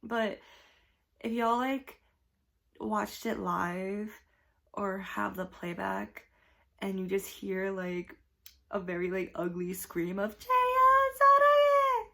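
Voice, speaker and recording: Gushing young woman with a gravelly edge. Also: mid-range voice, steady tone, slow pace, pauses often. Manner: gushing, chatty, full of fillers. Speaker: vlogger. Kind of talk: casual chat.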